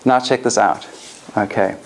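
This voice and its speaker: A woman trainer leading a live coaching demonstration in front of an audience, animated and directive. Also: a bass voice, measured pace, a little hiss or hum.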